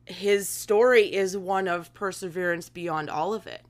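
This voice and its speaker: A woman's voice: fairly low pitch, measured pace. A woman co-hosting a podcast, chatting casually and reading listener letters aloud with enthusiasm and frequent laughter. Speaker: podcast co-host.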